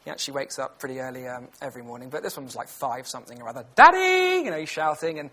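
Husky British man preaching. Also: medium pitch, steady tone, rapid-fire, a bit bright. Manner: conversational, anecdotal, earnest. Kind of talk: lunchtime Bible talk.

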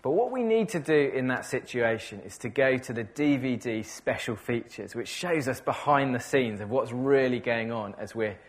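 A man's voice: medium pitch, expressive, moderate pace, hardly any pauses. A man preaching a sermon in a conversational way, often repeating words and correcting himself, enthusiastic about the passage.

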